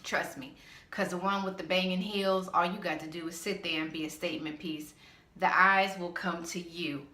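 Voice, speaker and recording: Brief: woman vlogger, low-pitched but bright and forceful, blunt and sassy, echoey room. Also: steady tone, moderate pace. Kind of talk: casual ranting monologue.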